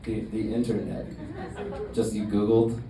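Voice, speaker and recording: Deadpan young comedian in a roomy club. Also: male voice, lowish voice. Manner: deadpan, halting delivery with many fillers. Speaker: stand-up comedian. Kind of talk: stand-up comedy set. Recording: roomy club sound from a distance, audience noise. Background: audience laughter.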